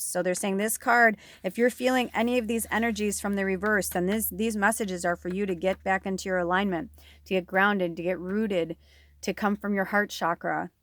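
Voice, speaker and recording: A chatty woman runs a tarot reading for her viewers, rambling and gushing as she goes, her pitch sitting in the middle of the range. Her voice is recorded close and dry, with no room sound around it. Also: no echo. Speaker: tarot reader and medium.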